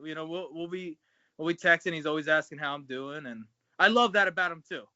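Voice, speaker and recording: Bright, casual wrestler, dull lo-fi sound. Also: male voice, a little high, fairly quick, no echo. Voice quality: casual, swears freely, says man and bro. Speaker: pro wrestler guest. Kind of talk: casual interview chat.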